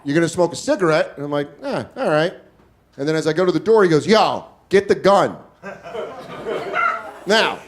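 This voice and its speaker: A man's voice: sits high, background noise. A man doing stand-up comedy on a club stage, telling a crude story and acting out other people's lines. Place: comedy club stage before a laughing crowd. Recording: live club with loud crowd laughter.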